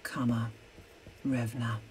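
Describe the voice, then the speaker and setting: A woman's voice: extremely low pitch, level tone, slow pace, darkish tone, husky. A woman chatting casually on a livestream while signing items, playful and breaking into little bits of song. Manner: playful, sings and hums bits while working. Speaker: guest doing a live signing.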